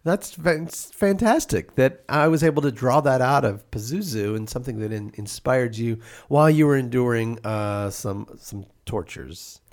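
A man's voice: mid-range voice, moderate pace, few pauses, close to an everyday voice. A man voicing a naive podcast host in hell, hesitant and full of restarts. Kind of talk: improvised comedy podcast acting.

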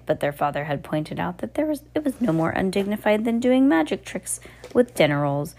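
A woman's voice: lowish voice, creaky, a little mellow. A woman reading a novel aloud in an unpolished way, often stumbling and correcting herself. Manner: unpolished, frequent restarts and self-corrections. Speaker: reader.

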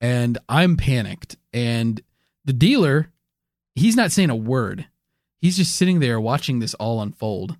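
A man co-hosting a comedy podcast, telling an absurd story in a rambling, deadpan way full of fillers. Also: mid-range voice, measured pace, no room sound, clean studio sound. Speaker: podcast co-host. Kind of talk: casual storytelling.

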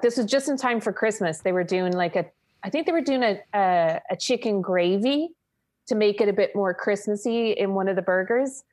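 A woman's voice: medium pitch, brisk. A woman with an Irish accent, a journalist and podcast guest telling a story casually, with hesitant fillers. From Ireland. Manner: lively anecdotal, hesitant fillers.

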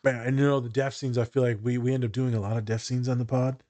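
A man's voice: mid-range voice, flat delivery, fast, warm tone, no echo. A man with a mid-range voice chats on a podcast, recorded close and dry. He sounds easygoing and affirming, and he steers the conversation along. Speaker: podcast host. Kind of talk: casual podcast chat.

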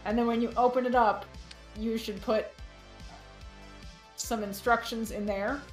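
A woman's voice: fairly high pitch, fairly even intonation, unhurried, faint music behind. A woman guesting on a casual podcast, telling dry jokes and laughing at them herself. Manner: dry, joking, laughs at her own jokes. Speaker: podcast guest, fiction podcast producer. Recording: roomy echo.

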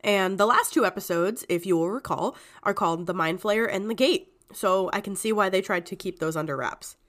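A woman's voice: medium pitch, fairly quick. A woman co-hosting a podcast in casual chat. She sounds congested from a cold and laughs often as she talks. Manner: giggly, chatty, lively. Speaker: podcast co-host.

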